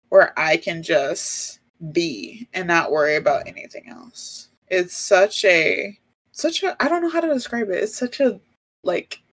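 A woman's voice: lowish voice, fairly bright tone, husky. A woman in casual chat who talks reflectively, wanders into tangents and leans on "like" and "you know.".

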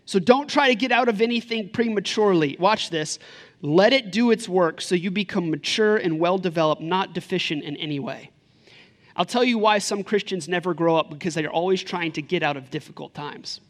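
Man, high voice, pastor, sermon, conversational, rhetorical questions. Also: brisk. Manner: animated, conversational preaching with laughs and rhetorical questions.

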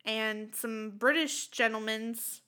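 A woman putting on a rough New York accent to play a brash forty-year-old American body double, giggling often. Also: a little high, slow, sharp tone. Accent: attempted New York. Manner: giggly, breaks into laughter. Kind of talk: improvised comedy character.

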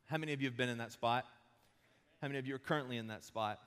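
A pastor in his thirties giving a conversational sermon, mixing quick humor with slow emphatic pauses. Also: medium pitch, fairly bright tone, smooth. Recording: long hall reverb.

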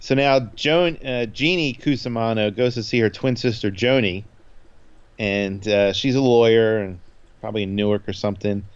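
A man's voice: on the low side, moderate pace, clean tone, lo-fi sound. A man in a casual chat, recapping an episode in a rambling way with many fillers and quoted lines. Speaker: podcast co-host recapping an episode.

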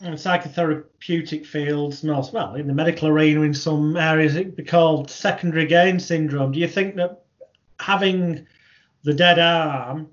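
A man interviewing a guest, asking slow, measured questions in technical terms. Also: fairly high pitch, fairly even intonation. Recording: dull lo-fi sound.

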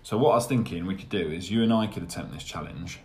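A man's voice: deep voice, fast talker, a little mellow, slight background noise. A young man hosting a podcast, chatting in a rambling, jokey and self-deprecating way. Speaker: podcast host. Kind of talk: casual chat.

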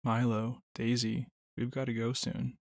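A man reading a storybook, voicing a calm, motherly female deer. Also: medium pitch, a little slow, creaky, no room sound, studio quality.

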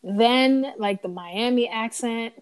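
A woman's voice: on the high side, slow pace, a loud crowd, poor audio. A woman from Boston chatting casually and animatedly, laughing often and drawing words out for emphasis. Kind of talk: casual chat.

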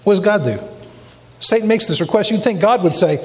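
A man's voice: high-pitched, animated, brisk. A male pastor preaching emphatically in a church, asking the congregation rhetorical questions. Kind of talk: sermon. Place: church sanctuary. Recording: long church reverb.

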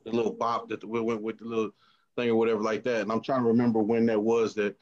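A man co-hosting a podcast in casual chat, relaxed and rambling, asking questions. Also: lowish voice, fast talker, dull audio. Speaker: podcast co-host.

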